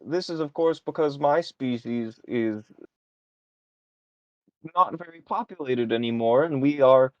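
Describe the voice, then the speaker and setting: A man voicing a flamboyant, jolly male axolotl admiral who greets guests with theatrical, gushing warmth. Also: a little slow, pauses often, no echo, highs cut off, close to an everyday voice. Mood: grandiose. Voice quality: high, gushing party-host voice.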